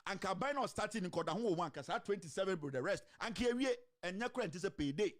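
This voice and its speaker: A man with a Ghanaian accent giving animated political commentary, mixing a local language with English and firing off rhetorical questions. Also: sits high, fast talker. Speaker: online commentator.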